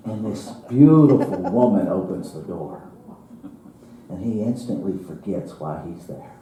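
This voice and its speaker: A male minister giving a sermon, telling a parable slowly and dramatically, with chuckles and hushed drops. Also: low-pitched, expressive, slight background noise. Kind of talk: sermon storytelling. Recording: roomy church hall, from far off.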